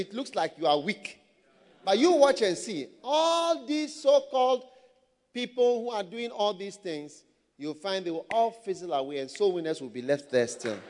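A male preacher delivers a sermon in an unusually high, lively voice. He tells his stories with animated shouts and laughter, and a long hall reverb trails each phrase. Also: moderate pace.

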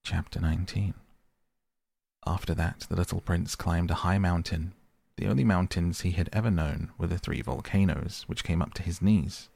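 A man reading a storybook aloud as narrator, measured and gentle. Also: sits low, steady tone, creaky, husky, no room sound. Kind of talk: audiobook reading.

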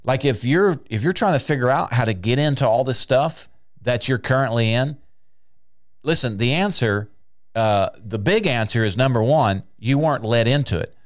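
A man's voice: mid-range voice, lively intonation, moderate pace, no room sound, studio quality. A man preaching an earnest sermon, urging listeners with repeated phrases and frequent restarts.

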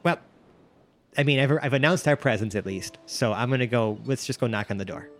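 A man's voice: medium pitch, brisk, faint music behind. A man playing a tabletop game, joking and rambling as he talks through his moves. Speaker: player. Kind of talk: casual tabletop game play.

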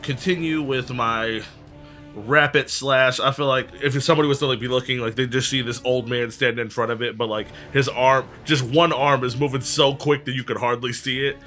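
A man's voice: medium pitch, steady tone, brisk, sharp tone, soft background music. A man casually playing a tabletop game, calling out rolls with fillers. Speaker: player.

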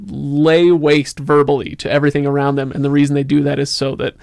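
A man's voice: on the high side, flat delivery, fairly quick, creaky, a little mellow, no echo, clean studio sound. A man co-hosting a podcast, telling stories in casual, rambling chat. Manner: rambling storyteller with restarts. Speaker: podcast co-host.

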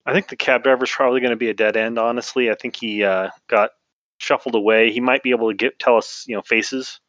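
A man playing a tabletop game speaks in a measured, careful way, pausing on frequent fillers. The sound is dry and a little dull. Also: mid-range voice, steady tone, a bit bright, no room sound. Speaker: player. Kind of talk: tabletop game play and in-character talk.

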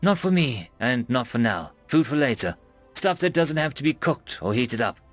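A man voicing an earnest, gentle young woman student who speaks politely and reassuringly in a storybook reading. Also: medium pitch, sing-song, normal speed, no room sound, soft background music.

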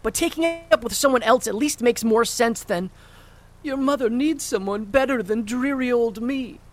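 A man's voice: extremely high pitch, normal speed. A man playing a bitter, cursing grown son. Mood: angry. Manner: blunt, cursing, cutting sarcasm. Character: grown son, bitter and sharp-tongued toward his father. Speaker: actor in an audio play. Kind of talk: audio drama acting.

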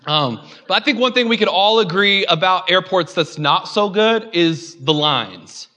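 A man's voice: high voice, lively intonation, unhurried, pushed and bright. A young man preaching a conversational sermon, joking and calling out to his congregation. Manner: joking, chatty, audience call-outs. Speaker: pastor.

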